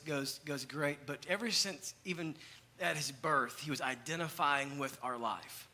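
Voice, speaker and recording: A young adult male pastor, preaching a sermon with animated storytelling and acted-out quotes. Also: on the high side.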